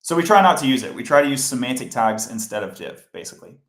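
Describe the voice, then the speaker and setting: A man's voice: medium pitch, lively intonation, fast. A man hosting a live coding stream, explaining each step in a chatty way and talking to his chat. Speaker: coding livestream host. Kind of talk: casual live coding tutorial. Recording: roomy echo.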